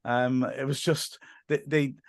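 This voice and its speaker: A man with a Welsh accent, a guest on a podcast, chatting casually and telling animated stories with frequent restarts. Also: mid-range voice, a little slow, no room sound, studio quality. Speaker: podcast guest, football commentator. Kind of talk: casual chat.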